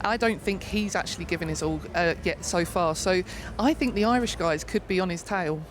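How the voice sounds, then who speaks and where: A woman pundit weighs up the contest in a measured voice. She sometimes stalls and restarts as she builds her point. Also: fairly low pitch, noisy background. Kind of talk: studio punditry.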